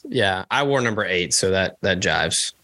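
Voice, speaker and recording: A man co-hosting a podcast in loose, joking chat, swearing freely and tossing in quick asides. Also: deep voice, expressive, sharp tone. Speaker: podcast co-host. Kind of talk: casual chat.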